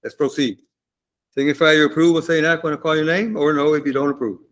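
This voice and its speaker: A man's voice: a little high, fairly bright tone. Man chairing a school board vote. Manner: halting, with fillers, calling names for a vote. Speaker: board president chairing the meeting. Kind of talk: formal meeting procedure. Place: school board meeting room.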